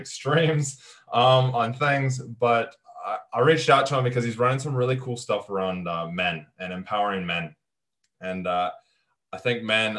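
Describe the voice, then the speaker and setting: A man hosting a podcast interview, talking haltingly with many fillers and restarts. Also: low-pitched, fairly bright tone. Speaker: podcast host.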